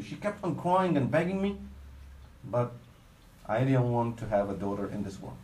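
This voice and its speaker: A man's voice: medium pitch, sing-song, a little slow, long pauses, darkish tone, reverberant, low-quality recording. A man giving a sermon in English that he mixes with Arabic religious phrases, telling a story earnestly and dropping his voice for its saddest parts. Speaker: Islamic preacher.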